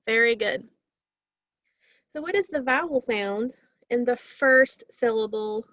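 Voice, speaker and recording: A woman teaching a phonics lesson to young children, slowly stretching out sounds and syllables. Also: a little high, expressive, fairly bright tone, no echo, highs cut off.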